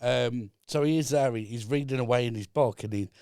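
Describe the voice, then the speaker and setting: A man as a guest on a podcast in a studio, calmly explaining his business ideas with frequent fillers. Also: mid-range voice, clean tone, dry recording. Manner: measured, explaining step by step with many fillers. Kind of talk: casual chat.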